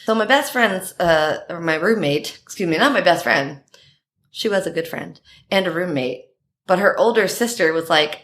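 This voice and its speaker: A woman guest telling personal stories in casual chat, animated and laughing often. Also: moderate pace. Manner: animated, laughing often, quoting herself in higher voices. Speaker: podcast guest.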